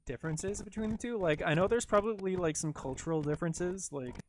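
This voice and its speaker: A man's voice: high voice, fairly quick, a little hiss or hum. A man with a Canadian accent chatting casually on a livestream while he edits video, rambling, full of "like" fillers and talking to himself as he works.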